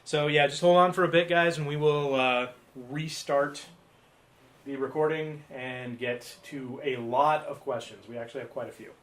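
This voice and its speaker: A man's voice: fairly high pitch, fairly even intonation, normal speed, a bit bright. A man co-hosting a live podcast stream, chatting casually and poking fun at himself while he fills time. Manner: rambling and self-mocking. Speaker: podcast co-host.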